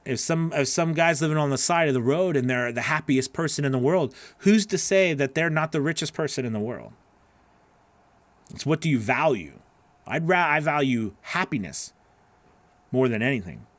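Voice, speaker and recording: A man's voice: on the high side, lively intonation, normal speed, no room sound. A man hosting a live voice-over class, answering chat questions in an earnest, encouraging way that rambles with restarts.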